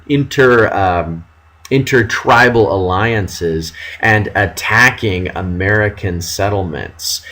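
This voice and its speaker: A man teaching a history lesson, dramatic and animated, reading out period quotes with mock outrage. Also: lowish voice, rough recording. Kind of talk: classroom history lecture.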